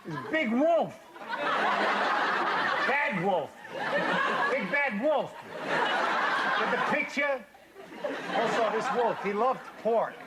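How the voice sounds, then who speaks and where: A man reads a children's fairy tale aloud in a deadpan way, with strange pauses and dry asides. His pitch sits high and moves around a lot. A live audience laughs loudly over heavy room noise. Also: over a noisy crowd. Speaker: storyteller. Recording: live stage reading, loud audience laughter.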